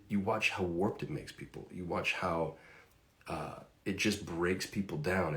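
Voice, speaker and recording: A man's voice: deep voice, fairly bright tone. A middle-aged man giving a casual, conversational faith talk and reading scripture, with fillers and asides.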